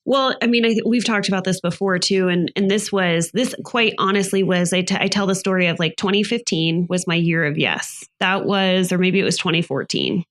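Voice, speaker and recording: A woman's voice: on the low side, normal speed, few pauses, a bit bright. A woman co-hosting a podcast, chatting casually and telling stories about herself with a light laugh. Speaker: podcast co-host. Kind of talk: casual chat.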